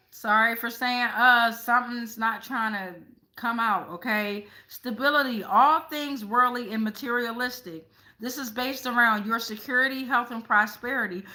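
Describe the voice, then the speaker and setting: A woman's voice: on the high side, pushed and bright, poor audio. A woman hosting a casual tarot reading, chatty, often tagging her sentences with "okay?" and swearing now and then. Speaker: tarot reader.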